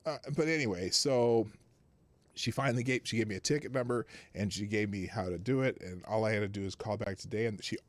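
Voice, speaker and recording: A man's voice: on the low side, brisk, no echo. A middle-aged man hosting a live show, telling a long exasperated story in a rambling, casual way. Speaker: livestream show host.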